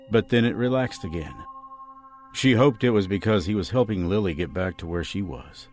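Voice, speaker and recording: A man who hosts a true-crime podcast and narrates audiobooks tells his story dramatically, with wide swings in pitch.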